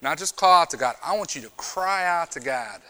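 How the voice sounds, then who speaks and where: A man giving a youth sermon, preaching emphatically and moving between loud bursts and quiet storytelling. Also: on the high side, lively intonation, brisk. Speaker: retreat speaker.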